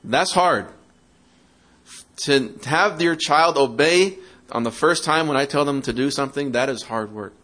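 A man's voice: medium pitch, a little slow, sharp tone. Man preaching to parents. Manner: interactive, asks the audience questions; acts out quoted excuses in a mocking tone. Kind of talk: sermon.

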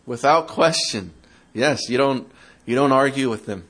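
A man's voice: medium pitch, measured pace, a bit bright. Man preaching to parents. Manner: interactive, asks the audience questions; acts out quoted excuses in a mocking tone. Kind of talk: sermon.

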